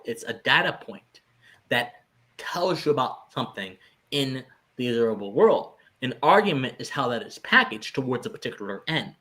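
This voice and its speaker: A man's voice: medium pitch, pushed and bright. A man co-hosting a podcast, giving lecturing philosophical commentary with searching restarts and sudden emphatic jumps. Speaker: podcast co-host.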